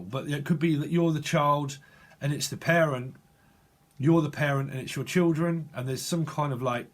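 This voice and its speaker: A man giving a channeled psychic tarot reading, halting and restarting often as he speaks to the viewer. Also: medium pitch. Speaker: tarot reader.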